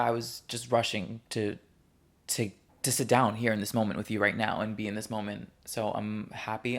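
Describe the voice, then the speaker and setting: A young man hosts his own podcast from his couch at home, chatting casually and wandering from one subject to the next as he's easily sidetracked. His voice is on the low side and creaky.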